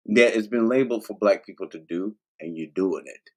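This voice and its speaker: A man's voice: lowish voice, fairly quick. A man hosting a livestream, talking to his viewers in a loose, rambling, profane casual monologue. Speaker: livestream host.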